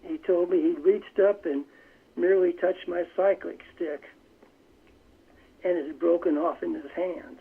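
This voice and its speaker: Older man with a gravelly, high voice over the phone. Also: fairly even intonation. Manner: measured storytelling with frequent restarts. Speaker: phone-in guest. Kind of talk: recounting a war memory in an interview. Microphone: telephone. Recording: tinny phone line on radio.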